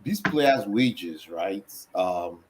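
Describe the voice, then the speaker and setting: A man co-hosting a casual football podcast, explaining in a measured way with frequent fillers. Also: low voice, animated, poor audio. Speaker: podcast co-host.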